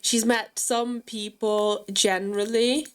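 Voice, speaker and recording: A woman giving chatty, excitable gameplay commentary and talking straight to her viewers. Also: on the high side, slow pace, clean tone. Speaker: gaming channel host.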